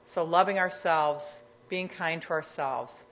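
Low-voiced woman giving a gentle sermon. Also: a little hiss or hum. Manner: gentle, measured, conversational with asides. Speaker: guest speaker at a congregation. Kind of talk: reflective sermon talk. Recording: dull lo-fi recording.

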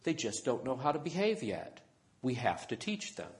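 A patient, gentle dad, as a man reads him, speaking softly and evenly. His voice rises a little as he explains, kind and unhurried. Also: mid-range voice. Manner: calm, soft, explaining. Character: patient gentle father talking to his daughter.

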